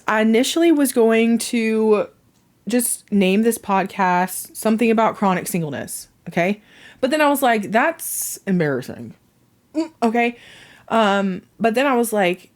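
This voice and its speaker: A woman's voice: mid-range voice, lively intonation, normal speed. A woman hosting her own podcast from home, chatting casually, rambling and laughing at her own jokes. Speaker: podcast host. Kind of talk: casual chat.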